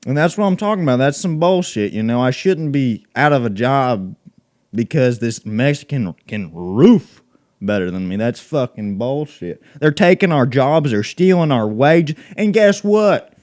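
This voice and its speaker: A man's voice: medium pitch, expressive, unhurried, natural voice. A man playing a profane ranting redneck. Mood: taunting. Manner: profane, taunting, loud ranting. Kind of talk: comedy sketch role-play.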